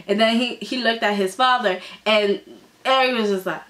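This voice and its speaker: A woman with a high, bright voice gives a casual video review, talking right to her viewers. She is animated and profane, and she often checks in with a quick "okay?". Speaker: soap opera reviewer.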